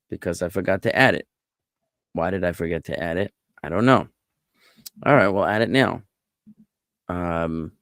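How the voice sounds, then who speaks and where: A man, a rabbi, giving a relaxed online class on Biblical Hebrew, explaining words patiently and wandering off into asides. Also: sits low, vocal fry, no room sound, studio quality. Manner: relaxed, explanatory, digressive with fillers.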